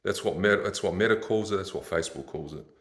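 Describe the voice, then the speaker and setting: A man's voice: low-pitched, fast, a bit bright, reverberant. A man hosting his own podcast, ranting in a casual, exasperated, mocking way and laughing at his own stories. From Australia. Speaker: podcast host.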